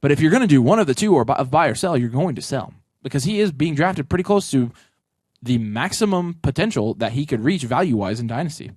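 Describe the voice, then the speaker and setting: A man co-hosting a casual talk show, giving emphatic, rapid advice. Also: fairly high pitch, expressive, a little mellow, dry recording, studio quality. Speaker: podcast co-host. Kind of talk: casual chat.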